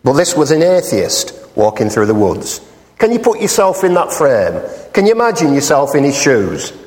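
A man preaching a sermon in a church hall, telling a joke and teasing the congregation playfully. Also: medium pitch. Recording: long hall reverb.

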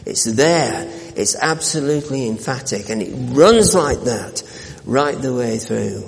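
A man preaching a sermon as a pastor, earnest, with repeated words and restarts, slowing down to read scripture. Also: medium pitch, animated, gravelly, long reverb tail, slight background noise.

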